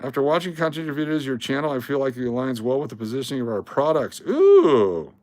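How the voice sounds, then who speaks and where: A man's voice: mid-range voice, fairly even intonation, quick pace, dry recording. A man hosting a casual livestream, blunt and sarcastic, swearing now and then. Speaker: livestream host.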